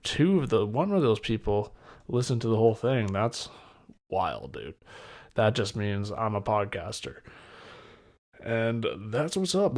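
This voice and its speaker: A man's voice: lowish voice, gravelly. A young man hosting his own podcast alone, chatting casually in a rambling, laid-back way with loose slang. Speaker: podcast host. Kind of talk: casual solo podcast chat.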